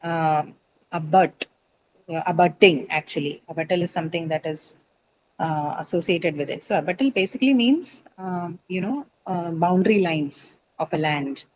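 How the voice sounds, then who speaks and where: A woman's voice: lowish voice, moderate pace, a little hiss or hum, rough recording. A woman teaching an English pronunciation class online, explaining step by step with frequent "uh" and "right?" checks.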